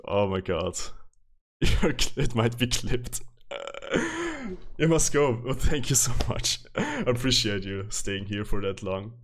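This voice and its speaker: A man's voice: fairly low pitch, big pitch swings, takes it slowly. A man streaming a game live, chatting with viewers and reacting aloud to play, laughing often. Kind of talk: live-stream gameplay commentary.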